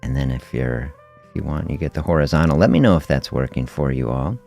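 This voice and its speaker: A middle-aged man with an exceptionally deep voice hosts a health podcast livestream and tells stories casually. He sounds relaxed and reflective and chuckles often. Soft music plays faintly underneath. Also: fairly quick, vocal fry. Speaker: host of a fasting health podcast.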